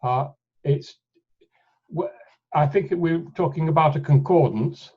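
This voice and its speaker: A man presenting a live software demonstration in a webinar, thinking aloud as he clicks through steps and often restarting his sentences. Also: fairly high pitch, measured pace, husky. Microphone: computer mic on a video call. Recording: dull lo-fi webinar audio.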